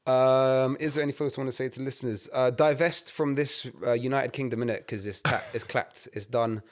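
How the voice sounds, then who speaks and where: A young man, talking casually as a podcast co-host. He tells stories in an animated way, packed with slang and swearing. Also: mid-range voice, a little fast. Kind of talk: casual chat.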